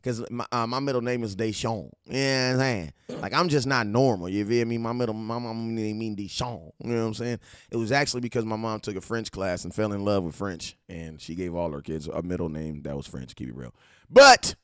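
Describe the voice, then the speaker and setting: A man from California hosting a casual fan-show livestream, hyped and slangy as he shouts out his viewers. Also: fairly low pitch, fairly quick, clear, resonant tone, dry recording, clean studio sound. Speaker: livestream host.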